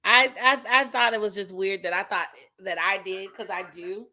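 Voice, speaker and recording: A woman's voice: mid-range voice, moderate pace, crowd noise. A woman co-hosting a comedy podcast, chatting casually and playfully. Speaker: podcast co-host.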